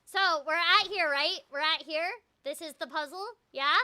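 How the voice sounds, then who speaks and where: A bubbly young woman chatting through a video game, her voice high and strikingly bright. She giggles a lot and leans on "like" as she talks. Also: moderate pace. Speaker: voice actor streaming a game. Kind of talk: casual gameplay commentary.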